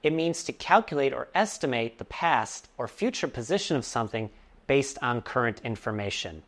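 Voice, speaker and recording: An English teacher giving a scripted vocabulary lesson, explaining words clearly and slowly, with playful asides. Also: medium pitch, lively intonation, a bit bright.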